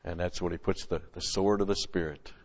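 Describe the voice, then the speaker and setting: A man teaching through Bible verses as a pastor, punching key words loudly and then dropping into quick, quieter asides. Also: low voice, fairly even intonation. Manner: emphatic, swells loud on scripture then drops to asides. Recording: lo-fi recording with long hall reverb.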